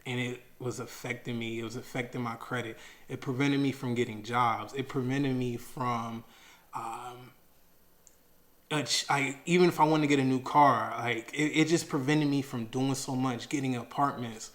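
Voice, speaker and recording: A young man from Maryland tells his own story in loose, slangy speech. He acts out his past arguments, jumping up in pitch and loudness when he gets worked up. At the heavy parts he drops low and quiet. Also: steady tone, moderate pace. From Maryland, USA. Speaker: storyteller sharing a personal finance story. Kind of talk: casual storytelling.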